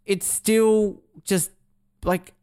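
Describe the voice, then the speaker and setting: A man's voice: high-pitched, flat delivery, extremely slow, mellow, clean tone, no echo, clean studio sound. A man co-hosting a podcast, rambling and swearing casually as he chats and laughs. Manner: rambling, laughing, swearing, drops into silly voices. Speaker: podcast co-host. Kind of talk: casual chat.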